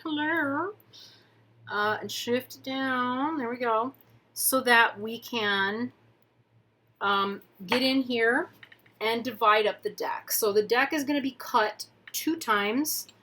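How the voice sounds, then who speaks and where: Slow-talking woman giving a tarot reading. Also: on the high side, sharp tone. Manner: chatty, thinks aloud, playful asides. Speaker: tarot reader. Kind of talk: casual explanatory card reading. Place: at a table with camera.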